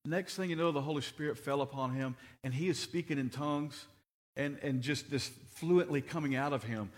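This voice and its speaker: A middle-aged man preaching, his voice sitting a little higher than most men's. He tells stories earnestly, often circling back and repeating words as he builds his point. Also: normal speed. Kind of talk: sermon.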